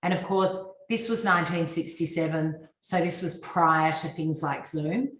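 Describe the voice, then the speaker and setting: An Australian woman presents to a business audience over a video call. Her voice sits low, and it carries a roomy echo. She talks fluently and instructively, with frequent ums. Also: unhurried. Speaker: guest speaker on personal branding.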